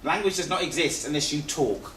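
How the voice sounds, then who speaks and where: A man's voice: fairly high pitch, animated, fairly quick, a bit bright, distant mic. A man teaches a live seminar, talking in a loose, conversational way and restating his points. He is recorded from across an echoey room. A faint hiss sits under his voice. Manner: repetitive, conversational, restarts phrases.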